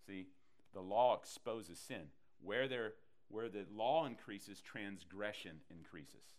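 A man preaching a sermon to a congregation. He teaches in an animated way and acts out the people in his stories. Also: lowish voice, slow pace. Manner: animated preaching, acting out voices in quotes. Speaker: pastor.

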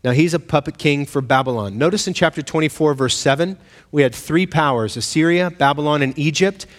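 Fairly quick and high-pitched, a man preaches in a large hall. As pastor, he talks to the congregation conversationally, asking questions and giving voice to whoever he quotes.

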